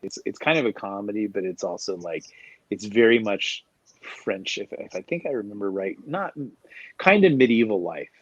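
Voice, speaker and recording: A man co-hosting a podcast, chatting casually in meandering, soft-spoken asides. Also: fairly low pitch, expressive, normal speed, no room sound, highs cut off. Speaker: podcast co-host. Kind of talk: casual chat.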